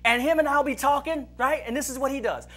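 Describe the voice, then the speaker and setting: Very high, fast and bright, this pastor's voice has a forceful edge as he preaches a funny sermon at church. His storytelling is playful, full of laughter and impressions of his friends.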